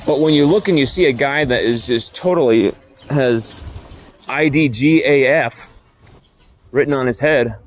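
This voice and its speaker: A man with a middle-pitched voice hosts an opinionated sports commentary. He talks bluntly and heatedly, with casual profanity, and keeps repeating his points to drive them home.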